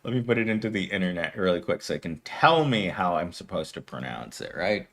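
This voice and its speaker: A man in his thirties streams casually from home without a camera, rambling and giggling while answering chat comments. His voice is low, sing-song, and a bit bright, and he talks briskly.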